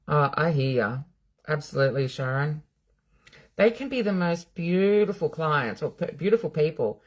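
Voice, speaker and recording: A woman's voice: deep voice, animated, moderate pace. Blunt, swearing Australian woman chatting live. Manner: blunt, chatty, swears freely, reads and answers viewer comments. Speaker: psychic medium hosting a live reading stream. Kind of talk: casual live-stream chat.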